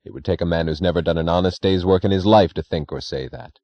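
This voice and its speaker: A man's voice: deep voice, fast. A man voicing a hard, terse male industrialist who speaks in a clipped, contemptuous way, in an audiobook reading. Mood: curt. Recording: dry, dull lo-fi recording.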